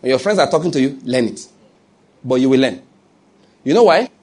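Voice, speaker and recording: Husky-voiced Nigerian pastor preaching. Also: male voice, medium pitch, fast talker, darkish tone. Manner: preaches with rhetorical questions and humor. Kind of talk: sermon.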